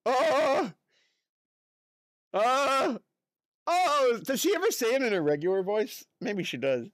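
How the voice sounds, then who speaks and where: A man streaming live, chatting casually and reacting excitedly to chat messages. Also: high voice, a little slow, pauses often, dry recording, studio quality. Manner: chatty, excitable, lots of fillers and exclamations.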